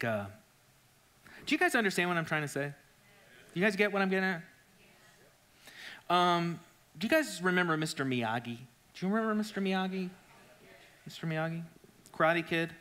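A man's voice: fairly high pitch, pushed and bright. A man in his forties preaching a sermon in church, telling a story with animation and often asking whether the listeners follow him. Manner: keeps asking the crowd "right?" and "you follow me?". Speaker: pastor.

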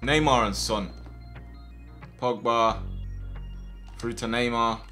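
Young man, gaming commentary, excitable, slangy, bright tone. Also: mid-range voice, slow, faint music behind. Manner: excitable, with sudden loud outbursts at big plays; casual slangy chat to viewers. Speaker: gaming video host. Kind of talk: live gameplay commentary.

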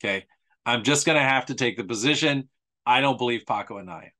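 A man's voice: medium pitch, fairly quick, sharp tone. A man presenting a history talk in a casual, sarcastic, conversational way, often repeating himself for emphasis. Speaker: author presenting a history series.

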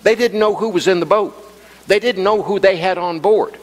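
A pastor preaches a sermon in a high voice at a moderate pace, telling a humorous story, repeating himself and chuckling along the way. He speaks in a church sanctuary, and the recording carries a long church-hall reverb.

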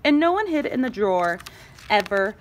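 A woman teacher reading a picture book aloud to her class, expressive, with gasps and dramatic pauses. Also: medium pitch.

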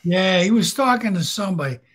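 A man with a husky, somewhat high voice spins casual, blunt stories from his past. He talks plainly and swears without a second thought. He often laughs at his own punchlines. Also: expressive, a little fast, fairly bright tone. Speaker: guest storyteller. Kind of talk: casual storytelling.

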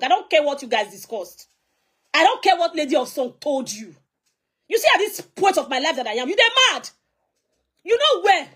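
A young Nigerian woman with a high-pitched voice goes live on her phone to call someone out. She is confrontational and scolding, slipping pidgin into her English. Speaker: social media personality. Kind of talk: heated live video rant.

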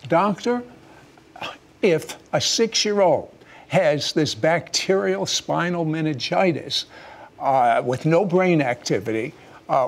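An older man hosting a TV interview, slowing down to stress key facts. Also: fairly high pitch, vocal fry. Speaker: TV show host. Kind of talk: interviewing a guest.

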